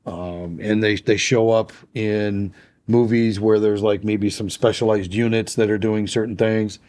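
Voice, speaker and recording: A man's voice: lowish voice, fairly even intonation, a little slow, darkish tone. A man co-hosting a casual podcast chat, talking loosely with lots of fillers and laughs. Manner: chatty, laughs often, filler-heavy. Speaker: podcast co-host.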